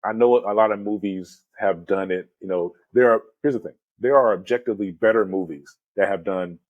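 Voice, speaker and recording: Man, forties, lowish voice, podcast host, animated rambling storytelling, casual slang, dry close sound. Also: fairly quick, no room sound, narrow, tinny audio. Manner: animated storyteller, peppers talk with "man" and "you know". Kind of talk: casual movie discussion.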